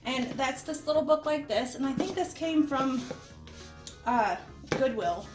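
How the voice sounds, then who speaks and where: A middle-aged woman with a high voice chats her way through a home decor vlog, full of homey little asides. She is slightly under the weather and coughs now and then. She is recorded indoors on a nearby camera, with faint music under her voice. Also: expressive, a little slow. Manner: chatty and homey, with lots of small asides. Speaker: home decor channel host. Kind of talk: casual chatty decorating vlog. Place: living room at home, indoors. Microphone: camera set up nearby, moved around while she talks.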